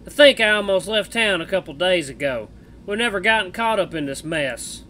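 A gruff, foul-mouthed bat-man from a visual novel talks in a loud, put-on cowboy drawl, as a man reads him aloud. His voice sits high and sounds bright and sharp. A faint noise hums behind him. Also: expressive, normal speed. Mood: gruff, blunt. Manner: loud, blunt and profane.

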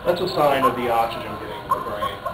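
A man's voice: medium pitch, animated, fast, roomy sound, noisy background. A man on the clinic staff giving brief, matter-of-fact remarks.

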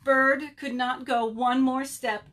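A woman, a children's librarian, reading a story aloud at home for a virtual storytime, expressive and talking directly to the kids. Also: high-pitched, slow pace.

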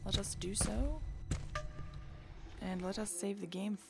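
A woman's voice: medium pitch, slow pace, gravelly. A woman hosting a let's play, chatting playfully and casually as she plays and now and then breaking into song. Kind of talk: casual gameplay commentary. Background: game music.

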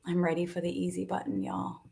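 A woman guiding a live tapping and meditation session, speaking slowly and soothingly and sighing between cues. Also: on the low side, monotone, vocal fry, dark tone.

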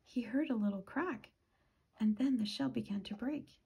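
A woman reading a children's picture book aloud, gentle and often dropping to a whisper, with a husky voice. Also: on the high side, moderate pace. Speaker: children's storytime reader.

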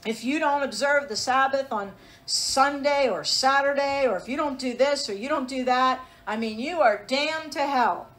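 A woman's voice: sits high, rough recording. A woman pastor delivering an emphatic sermon, asking the listeners rhetorical questions.

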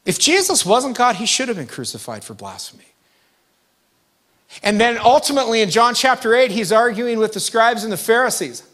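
A pastor delivers a sermon in a high, bright-sounding male voice. He talks like he is chatting with the room, stressing key points firmly and tossing quick questions at the congregation. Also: big pitch swings. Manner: conversational, emphatic preaching with asides to the congregation.

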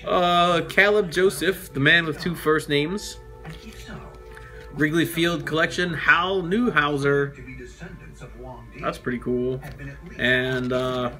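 Male toy-show host, unhurried and jokey, with a crisp, bright tone. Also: mid-range voice. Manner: chatty, reads names aloud, joking asides. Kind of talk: casual card-opening chat.

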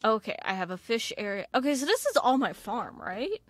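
A woman's voice: fairly high pitch, big pitch swings, a little fast, dry recording, faint music behind. Rambling woman narrating her gameplay. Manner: rambling, full of "like" and restarts. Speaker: gaming video creator. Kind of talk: casual let's-play commentary.

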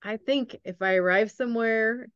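A woman's voice: fairly high pitch, normal speed, clear, resonant tone, no echo. A woman hosts a podcast interview and talks in a loose, hesitant way. Her voice sounds dry and a bit muffled, as if the audio is somewhat dull. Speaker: podcast host. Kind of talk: casual interview chat.

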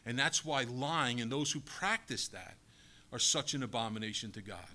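A male pastor delivers a sermon with emphatic conviction. He keeps asking the listeners rhetorical questions. His voice is bright and forceful, and it sits at an ordinary middle pitch. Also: lively intonation, normal speed.

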